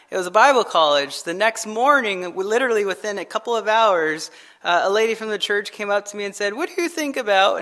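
A pastor with a voice that sits high preaches a sermon, telling stories in a conversational, animated way and acting out quotes.

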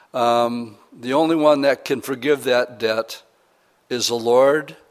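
Male pastor, mid-pitched, preaching an earnest, chatty sermon with sudden emphatic lifts.

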